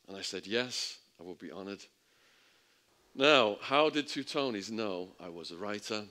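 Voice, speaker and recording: A low-voiced Englishman at a public talk tells a story in an animated, unhurried, bright, and forceful manner. He acts out the quoted voices vividly, with big leaps in pitch and volume.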